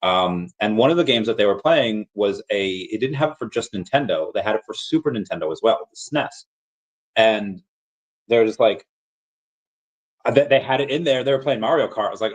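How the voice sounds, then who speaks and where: A man's voice: medium pitch, expressive, fairly quick. Rambling casual man, storytelling host. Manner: rambling storyteller with frequent restarts and fillers. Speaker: crypto collectibles vlogger. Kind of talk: casual livestream chat.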